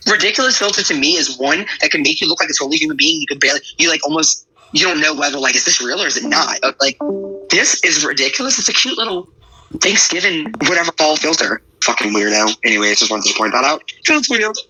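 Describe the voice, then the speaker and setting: A man's voice: a little high, lively intonation, fast, sharp tone, husky, poor audio. A man giving rambling, blunt, profane casual commentary to an online audience.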